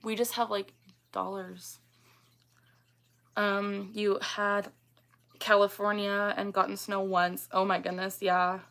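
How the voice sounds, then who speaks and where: Woman, 20s, livestream host, casual chat, reads and answers comments, bright voice. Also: mid-range voice, little pitch movement, takes it slowly, creaky, long pauses. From Canada. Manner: chatty, reads viewer comments aloud and answers them.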